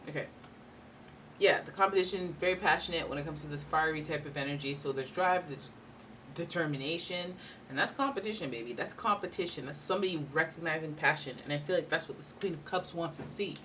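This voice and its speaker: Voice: medium pitch, a little fast, sharp tone, far from the mic, slight background noise. A tarot reader giving a casual, rambling reading with playful asides.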